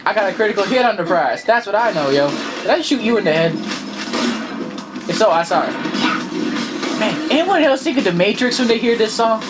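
A young man playing a video game with a friend, excitable and joking around in casual chat. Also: high-pitched, fairly quick, pauses often, over loud music. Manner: excitable, jokey, breaks into silly bits. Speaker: gamer. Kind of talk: casual let's play chat. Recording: noisy home recording.

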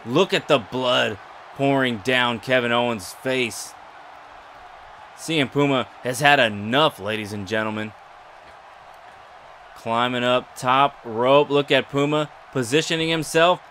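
A man's voice: medium pitch, measured pace, pauses often, fairly bright tone, a little hiss or hum. A man hosting a let's play, commentating in a playful mock play-by-play style. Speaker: gaming channel host.

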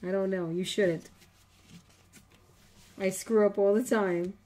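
A middle-aged woman talks viewers through a papercraft project at an unhurried, drawn-out pace. She jokes nervously about her own slip-ups and keeps addressing her audience as she works. Her voice sits at an ordinary middle pitch. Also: steady tone, mellow. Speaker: papercraft tutorial host. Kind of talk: casual crafting demo, talking to viewers.

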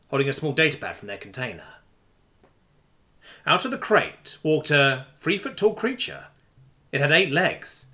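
Bright, lively male story narrator. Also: mid-range voice. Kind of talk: scripted narration. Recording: faint music underneath.

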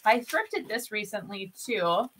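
With a medium-pitched, sing-song, slightly bright voice at a measured pace, this woman hosts a live crafting stream for her furniture-flipping channel. Upbeat and chatty, she names viewers, reads their comments aloud, and rambles with frequent fillers and self-corrections over slight background noise.

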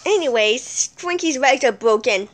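A woman acting out a toy play with several characters, switching quickly between them in back-and-forth dialogue with sudden shrieks. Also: high-pitched, lively intonation, fairly bright tone, a little hiss or hum.

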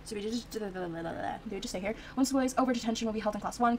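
This Sims streamer, a young woman, talks fast in a fairly high voice, casually reacting to her life-sim gameplay with lots of fillers. The recording is rough, with slight background noise.

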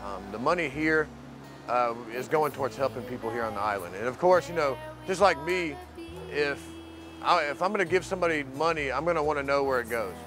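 A man's voice: mid-range voice, lively intonation, a little fast, over music. A man from the mainland talking loosely in an interview about his work with the program, rambling and leaning on filler phrases. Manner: loose, rambling, leans heavily on "you know". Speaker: program resident and volunteer. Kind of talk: casual interview talk.

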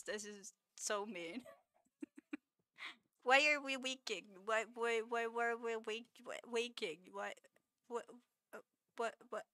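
A woman's voice: fairly high pitch, pushed and bright, no room sound. A woman streamer chatting casually with her viewers, laughing constantly, stammering and repeating words in playful mock outrage.

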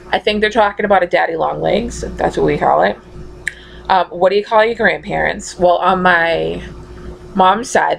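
A woman's voice: on the low side, gravelly, rough recording. A young woman with a thick Massachusetts accent chatting casually at home, reading out questions and laughing often. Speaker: vlogger. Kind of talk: casual accent tag video.

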